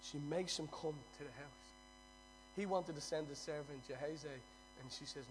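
A man preaching a sermon, dropping to a hushed storytelling voice and rising to loud, emphatic declarations. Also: fairly high pitch, normal speed, over music, rough recording.

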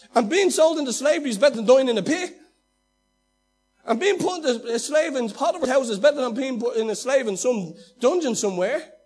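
A male pastor preaching with a very high, husky voice. He acts out quoted speech with animation, swinging from loud to hushed, while faint music plays underneath. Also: expressive, a little fast. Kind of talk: sermon.

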